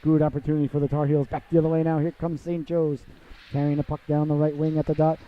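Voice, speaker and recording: A man's voice: fast, a little hiss or hum. Theatrical male hockey announcer, lo-fi. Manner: chatty and theatrical, calls the audience "ladies and gentlemen"; bursts into excited high calls on goals. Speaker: play-by-play announcer. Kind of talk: live hockey play-by-play commentary. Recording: dull lo-fi broadcast audio.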